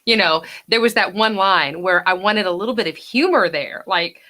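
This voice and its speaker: A woman giving an actor feedback over a video call, chatty, now and then acting out lines in a hush. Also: mid-range voice, moderate pace. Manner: coaching, chatty, acts out lines in hushed whispers. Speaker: judge and acting coach.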